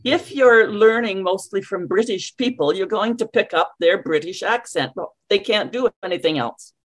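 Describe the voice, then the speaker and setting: A woman's voice: mid-range voice, moderate pace. Emphatic coaching woman. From Canada. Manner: emphatic, coaching, rhetorical questions. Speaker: English coach. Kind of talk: interview answers, teaching.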